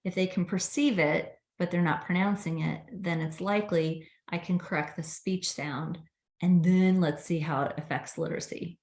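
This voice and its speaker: A woman who is a speech-language pathologist, explaining ideas in an animated, teacherly way during an interview. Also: fairly low pitch, moderate pace. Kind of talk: interview conversation. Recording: echoey room.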